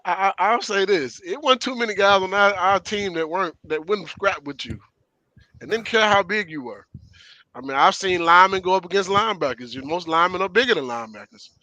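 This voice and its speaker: A man's voice: sits high, animated, fairly quick, bright, forceful tone, no echo, low-quality recording. A middle-aged man, a former player telling stories emphatically in casual sports talk. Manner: storytelling, emphatic, laughs often. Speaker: former player and show regular.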